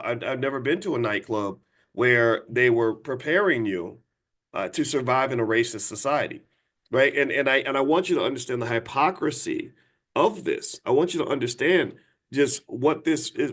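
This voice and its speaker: A man's voice: mid-range voice, fairly bright tone. A man in his fifties hosting a live talk, blunt and insistent, often restarting and asking viewers to respond. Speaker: host. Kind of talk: livestream talk to an audience.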